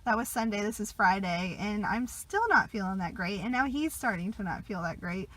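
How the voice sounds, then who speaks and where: A young woman vlogging casually while sick, chatty, laughing often and trailing into soft asides. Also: mid-range voice, lively intonation, normal speed, rough recording. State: sick, a bit congested. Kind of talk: casual confessional vlog.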